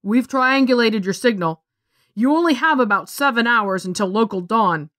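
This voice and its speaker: A woman voicing a stern male station sergeant who gives calm, clipped commands over the radio. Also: on the high side, moderate pace, no echo, clean studio sound.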